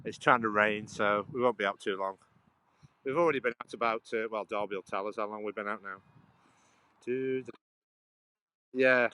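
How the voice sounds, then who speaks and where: A man's voice: lowish voice, normal speed, long pauses, sharp tone, clear, resonant tone, no room sound, poor audio. A man hosting a casual live walking stream outdoors by a canal, rambling and chatting to his viewers by name as he holds his phone. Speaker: livestream host.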